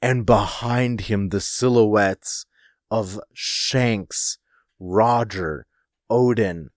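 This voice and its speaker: A man's voice: lowish voice, drawn-out words, no echo, studio quality. A young man co-hosting a podcast in casual chat, laid-back and swearing freely, trailing off and restarting his sentences. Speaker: podcast co-host.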